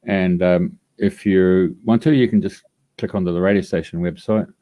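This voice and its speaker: A man's voice: deep voice, steady tone, normal speed, dark tone. A man hosting a live radio show, introducing a guest in a rambling way with many fillers. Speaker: radio host.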